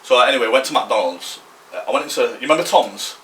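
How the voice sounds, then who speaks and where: A man's voice: mid-range voice, animated, fast, echoey room, recorded from a distance, a crowd in the background. A man, telling a rambling story on a podcast, slangy and swearing freely. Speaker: podcast co-host. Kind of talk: casual storytelling.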